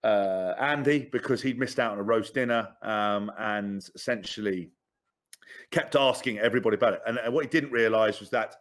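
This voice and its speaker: A man's voice: fairly low pitch, normal speed. A man in his thirties, a podcast guest telling candid stories in a blunt, sweary way, often repeating words. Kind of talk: candid storytelling.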